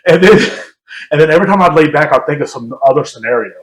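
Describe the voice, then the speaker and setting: A man's voice: fairly high pitch, animated, fast. Rambling, laughing young man in echoey room. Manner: rambling, self-mocking, laughs often. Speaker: podcast co-host. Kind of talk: casual storytelling chat. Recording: roomy echo.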